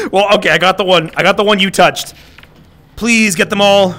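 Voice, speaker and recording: A male streamer giving casual gameplay commentary, excitable and swearing as he talks back to the game. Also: sits high.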